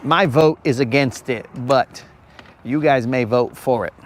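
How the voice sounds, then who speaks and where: A man's voice: medium pitch, a little slow, slight background noise. A man hosting a live fishing stream outdoors on a lake, joking with viewers in casual chat and calling them bro.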